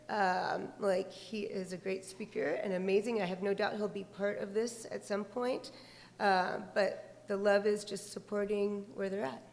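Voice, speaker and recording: A woman's voice: medium pitch, creaky. A middle-aged woman, a self-described community elder, giving an earnest, reflective talk with frequent fillers. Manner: earnest, warm-hearted, loose with fillers. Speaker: community elder speaking on a panel. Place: large hall at a community gathering. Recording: long hall reverb.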